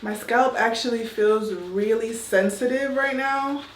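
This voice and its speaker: A woman chatting casually through her hair-washing routine as a vlogger, candid and relaxed. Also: on the high side, unhurried, roomy sound, slight background noise. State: out of breath. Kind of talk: casual vlog talk. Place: bathroom shower.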